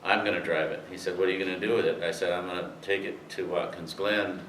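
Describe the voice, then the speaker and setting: A man's voice: low-pitched, fairly even intonation, quick pace, fairly bright tone. An older man telling rambling racing anecdotes to an audience, with many fillers. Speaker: speaker telling racing history. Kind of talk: storytelling talk to an audience. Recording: roomy, distant, faint hiss.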